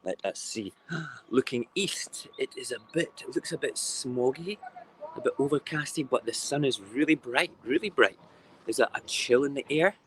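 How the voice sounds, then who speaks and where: A man's voice: medium pitch, moderate pace, a bit bright, a little hiss or hum, rough recording. A Scottish man hosting a casual morning live stream from home, chatty and fond of repeating words in playful runs. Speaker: live-stream show host. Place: home, moving between kitchen and windows.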